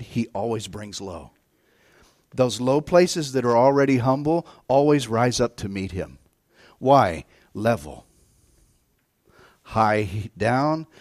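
Middle-aged man, sermon, storytelling, hushed to loud swings, dry close sound. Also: medium pitch, lively intonation, slow pace, no echo. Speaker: guest preacher.

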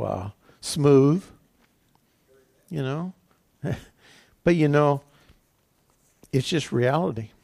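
A man's voice: on the high side, creaky, darkish tone. A man preaching as pastor, reading scripture aloud and then explaining it plainly, often repeating phrases and saying "you know". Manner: laughs at his own slips. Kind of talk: sermon.

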